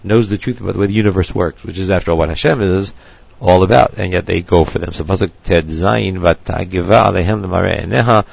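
A man teaching a text lecture, measured and thinking aloud as he goes. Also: deep voice, vocal fry, a little mellow, husky, dry recording, lo-fi sound. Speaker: Torah teacher.

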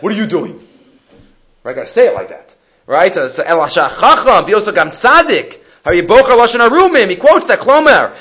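A man teaching a Haggadah class, acting out questions as he goes. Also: extremely high pitch. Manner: animated, acts out the sons' questions, mixes Hebrew terms. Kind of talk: lively Torah lecture. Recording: dull lo-fi recording.

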